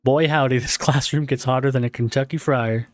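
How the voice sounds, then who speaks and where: Man reading as a courtly charming gentleman. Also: medium pitch, fairly even intonation, a little fast, no echo, soft background music, close to an everyday voice. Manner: polite, gently flirtatious. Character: genteel charming older male gentleman.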